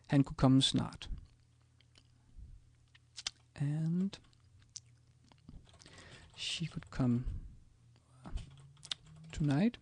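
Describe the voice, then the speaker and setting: A man's voice: a little high, fairly even intonation, drawn-out words, vocal fry, pauses often, a little mellow, slightly rough. A man teaching a language in a casual screencast, hesitant, with many ums and restarts as he types examples. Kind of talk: screencast lesson, typing examples.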